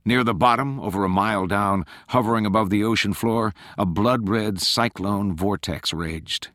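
A man narrating an audiobook in a measured, steady way. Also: fairly low pitch, no room sound, clean studio sound. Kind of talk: scripted narration.

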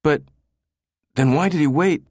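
A man's voice: fairly high pitch, a little slow, darkish tone, no echo, studio quality, pitched above the performer's own voice. A man doing Brinkerhoff, a flustered assistant. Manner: pleading and flustered. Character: nervous, exasperated male office assistant.

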